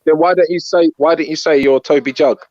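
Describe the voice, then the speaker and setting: A man's voice: a little high, steady tone, fairly quick, a little mellow, dry recording. A man speaking indignantly and reproachfully in a heated online debate. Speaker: debate participant. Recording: dull lo-fi audio.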